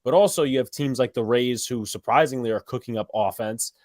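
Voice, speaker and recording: A man co-hosting a casual sports call-in stream, rambling through stats with quick asides and blunt remarks. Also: mid-range voice, darkish tone, no room sound, clean studio sound. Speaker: co-host.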